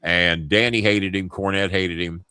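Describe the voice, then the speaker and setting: A man's voice: low voice, fairly even intonation, a little slow, pushed and bright, clear, resonant tone, no echo, studio quality. A middle-aged man hosting a talk show, telling a story in a rambling, profane, self-interrupting way. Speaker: host. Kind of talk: casual storytelling.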